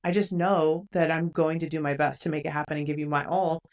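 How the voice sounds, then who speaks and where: A woman with a fairly low voice hosts a podcast and chats casually. She sounds upbeat and hopeful, and she acts out the quotes in her stories. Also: little pitch movement, brisk, a little mellow. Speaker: podcast host. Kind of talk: casual conversation.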